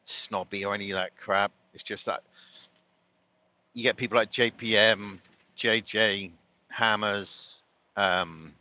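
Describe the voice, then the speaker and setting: A man with a London accent rambles along in casual chat as he drives, often breaking into laughter. His voice sits a little low but sounds bright and forceful. The recording is dull and lo-fi. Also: fairly even intonation, takes it slowly, long pauses. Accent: London English. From London, England. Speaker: vlogger. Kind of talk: casual chat while driving.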